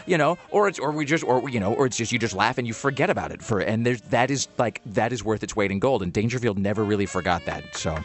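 Fast-talking rambling male host. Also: fairly low pitch. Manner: rambling, animated, many restarts and fillers. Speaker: podcast host. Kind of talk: casual chat.

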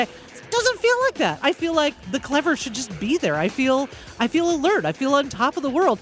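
A man's voice: very high-pitched, huge pitch swings, normal speed, hardly any pauses, fairly bright tone. A man co-hosting a radio talk show, chatting casually and poking fun at himself. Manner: self-deprecating, chatty. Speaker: radio co-host.

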